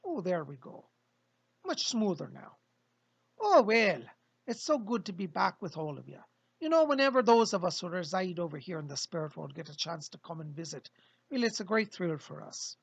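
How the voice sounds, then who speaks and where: A man's voice: high-pitched, sing-song, normal speed, vocal fry, breathy edge, dry recording, exaggerated voice. A man voicing a genial male spirit guide who speaks through a medium, with a hearty, old-fashioned way of greeting. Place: home.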